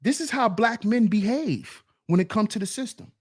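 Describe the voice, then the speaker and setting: A man's voice: high-pitched, expressive, normal speed, breathy edge. A man hosting a podcast, giving blunt, profane, preachy commentary on manhood. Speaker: podcast host. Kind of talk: casual commentary.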